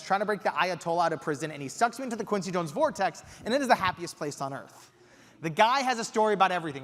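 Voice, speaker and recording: A young man from Los Angeles giving a keynote speech, telling a story with lively energy and acting out the quotes. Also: high-pitched. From Los Angeles, USA. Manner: animated, acts out quotes. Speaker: keynote speaker. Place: conference hall stage. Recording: long reverb of a large hall.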